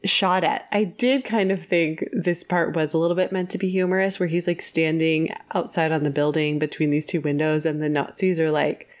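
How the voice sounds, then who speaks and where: A woman co-hosting a podcast, casually retelling a film's plot with quick acted-out quotes and laughs. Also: sits low, steady tone. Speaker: podcast co-host. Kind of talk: casual film discussion.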